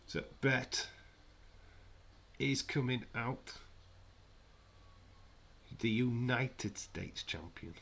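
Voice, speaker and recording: A man's voice: medium pitch, gravelly, a bit bright. Man, casual watch-along host, sarcastic, rambling. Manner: sarcastic, rambling, jokey asides. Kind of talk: casual live wrestling commentary.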